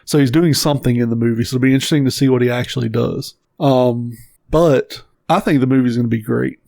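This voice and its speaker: A man's voice: medium pitch, quick pace, gravelly, no room sound, clean studio sound. Opinionated, profane podcast man. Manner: opinionated, profane, animated rants. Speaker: podcast co-host. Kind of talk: casual chat.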